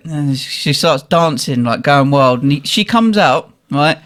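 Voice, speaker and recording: A man telling an animated story on a podcast, laughing often and swearing freely as he talks. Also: fairly high pitch, measured pace. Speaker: podcast host. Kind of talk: casual storytelling chat.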